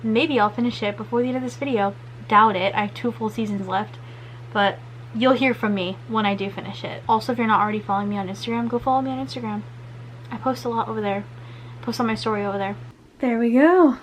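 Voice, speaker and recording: A woman's voice: mid-range voice, a little hiss or hum, low-quality recording. A young woman chatting casually through a crochet craft vlog, rambling and upbeat. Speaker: crochet vlogger.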